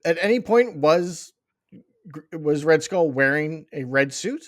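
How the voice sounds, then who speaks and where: A man's voice: on the high side, lively intonation, slow, no room sound, clean studio sound. A man co-hosting a casual comic book podcast, talking in incredulous, rambling asides. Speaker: podcast co-host.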